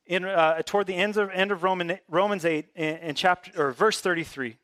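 A man's voice: sits high, steady tone, fairly quick, a bit bright, no echo, clean studio sound. A male pastor delivering a sermon in a conversational, emphatic way, with casual asides.

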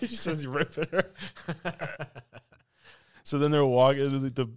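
A man on a podcast excitedly retelling scenes from a film, laughing often as he talks. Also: mid-range voice, moderate pace, pauses often, a crowd in the background. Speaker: podcast co-host. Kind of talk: casual film review chat.

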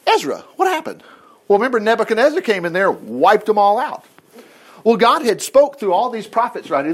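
A man preaching a conversational sermon, reading scripture aloud with lively, digressive asides and quips. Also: on the high side.

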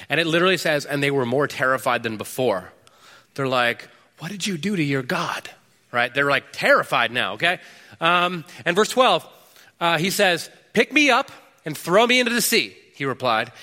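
A man preaching a sermon, swinging between loud bursts and low, hushed stretches. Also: in a large hall. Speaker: pastor.

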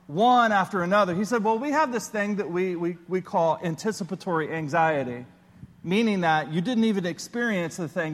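A man preaching a sermon as a pastor, telling a personal story in an animated way and acting out his own panicked voice. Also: high-pitched, long reverb tail.

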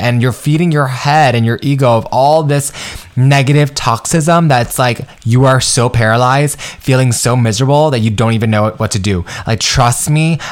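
Male podcast host giving a frank, cussing pep talk, best-friend energy. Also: medium pitch. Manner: candid, profane, pep-talk tone addressing listener as "girl" and "my love". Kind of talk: motivational solo podcast talk.

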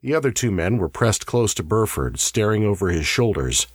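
A man reading a story aloud in a measured, expressive way. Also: on the low side, breathy edge, no room sound, studio quality. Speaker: narrator. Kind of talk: audiobook narration.

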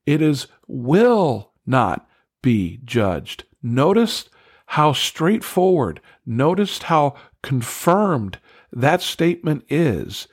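A man's voice: fairly high pitch, no echo, studio quality. A man teaching a devotional Bible study, earnest and emphatic, leaning on key words and putting questions straight to the listener.

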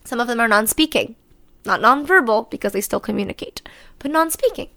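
A woman's voice: fairly high pitch, animated, fairly quick, creaky, bright, forceful tone. A woman hosting her own unscripted solo podcast, talking candidly and rambling, correcting herself as she goes and swearing casually. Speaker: podcast host.

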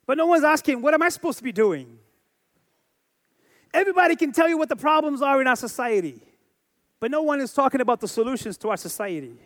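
Man, forties, pastor delivering a sermon, very high voice, emphatic and repetitive, keeps asking the crowd questions. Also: animated, quick pace, pauses often, fairly bright tone. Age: 40s. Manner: emphatic preaching with repeated phrases and rhetorical questions.

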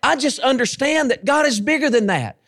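A man preaching with a high, lively voice that swings widely in pitch. He stretches his key phrases out slowly and repeats them for emphasis. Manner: animated preaching, drawn-out emphatic repetitions. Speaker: pastor and station head. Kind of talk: sermon.

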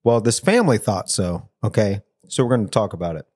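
A man's voice: fairly low pitch, very animated, fairly quick, darkish tone. A man hosting a podcast and telling a story in a casual, jokey way, laughing often, recorded on a studio mic. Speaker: podcast host.

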